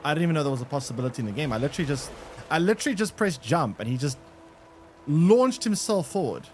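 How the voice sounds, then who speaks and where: A man's voice: a little high, very animated, fast talker, slight background noise. A man streaming a game live, rambling and thinking aloud to his chat with many restarts. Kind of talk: live gameplay commentary to chat.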